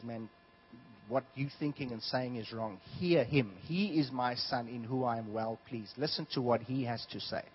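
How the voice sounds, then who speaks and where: A man from South Africa preaching a sermon, telling stories in an animated way that swings from hushed to loud. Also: mid-range voice, breathy edge. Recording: dull lo-fi sound.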